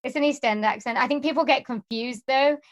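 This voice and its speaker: Woman, voiceover artist guest, upbeat, chatty, voice sits a touch high. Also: fairly quick. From Wales. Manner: chatty and upbeat, laughs easily. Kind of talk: casual interview chat.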